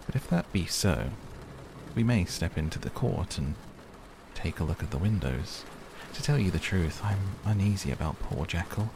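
A man's voice: deep voice, moderate pace, background noise. A man voicing a worried middle-aged male lawyer, earnest and concerned. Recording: steady rain sounds behind.

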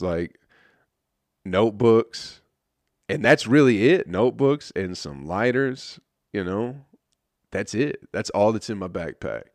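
A man's voice: low voice, no echo. A man, a stand-up comedian, telling a story in a laid-back, rambling way full of swearing. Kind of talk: casual storytelling.

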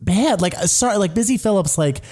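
A man co-hosting a podcast who talks bluntly and emphatically, often with quick agreement. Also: high voice, lively intonation, a little mellow. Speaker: podcast co-host. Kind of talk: casual chat.

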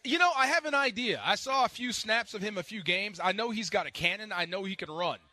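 A man's voice: high-pitched, expressive, brisk, bright, forceful tone, no echo. A man co-hosting a sports radio show in a studio, giving confident, opinionated football takes. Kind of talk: casual sports radio chat.

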